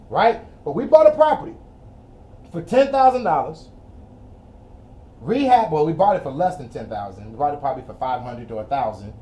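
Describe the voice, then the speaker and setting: Give me a chatty man running a live finance class, his mellow voice bouncing around an echoey studio. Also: a little high, a little hiss or hum. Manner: casual, joking, chatty teaching. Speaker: host and financial educator. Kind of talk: live-streamed finance lesson. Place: broadcast studio with a whiteboard. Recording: echoey room.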